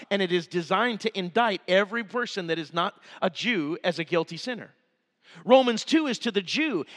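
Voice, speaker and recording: Male revival preacher, high-pitched, emphatic storyteller, church hall reverb. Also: a bit bright. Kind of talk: revival sermon. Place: church sanctuary.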